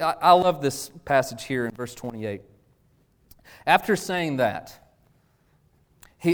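A man, preaching a sermon with emphatic rhetorical questions and casual asides. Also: on the high side. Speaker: pastor.

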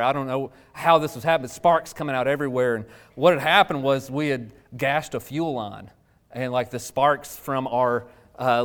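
A young man preaching a casual sermon, talking conversationally, joking and asking his listeners questions. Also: mid-range voice. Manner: conversational, asks the audience questions, jokes.

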